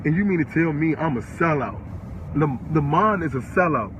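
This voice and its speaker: A man's voice: fairly high pitch, expressive, normal speed, fairly bright tone, slight background noise. An eighteen-year-old man ranting on a live stream, furious and profane, firing the same questions again and again. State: upset and worked up. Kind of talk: angry live-stream rant.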